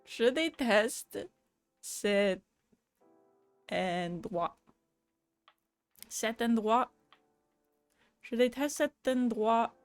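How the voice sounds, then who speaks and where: A woman's voice: fairly high pitch, drawn-out words, pauses often, no room sound, faint music behind. A woman chatting casually on a live stream, laughing often, swearing now and then and switching between languages.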